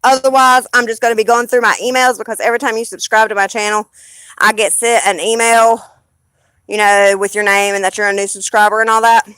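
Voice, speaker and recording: A woman's voice: fairly high pitch, level tone, brisk, a bit bright, smooth, dry recording. A woman with a Southern US accent chatting casually on a live stream, rambling and blunt, swearing freely.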